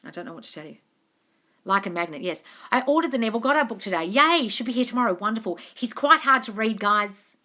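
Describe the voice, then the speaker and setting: Blunt, bright-voiced Australian woman. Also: medium pitch. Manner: blunt, frank, swears freely, calls viewers darling. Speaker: manifestation coach. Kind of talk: casual live-stream Q&A, reading out comments. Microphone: phone on a live stream.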